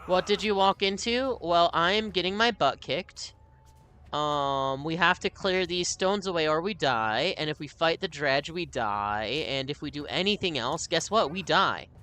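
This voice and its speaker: A man chatting and joking through live gameplay commentary, quick to laugh at his own losses. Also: on the high side, animated, bright, forceful tone, clean tone. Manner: chatty, joking, self-deprecating. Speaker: streamer.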